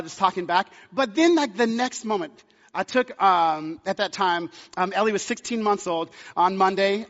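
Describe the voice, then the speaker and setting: A man's voice: sits high, a bit bright, big-room sound, lo-fi sound. A man in his thirties preaching a sermon as pastor, chatty and storytelling with many fillers.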